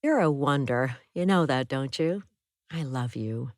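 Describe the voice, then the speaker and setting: A practical parent working a boat with their daughter, read by a woman narrator. The tone is warm and practical, with a low voice. The recording is close and dry. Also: expressive, a little slow, no echo. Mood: affectionate.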